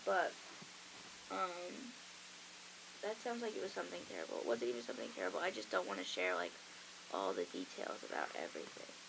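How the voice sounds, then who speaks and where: Chatty young woman radio host, gravelly. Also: a bass voice, expressive, a little fast, pauses often, background noise. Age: young adult. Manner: chatty storytelling, acts out quoted voices. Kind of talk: casual chat.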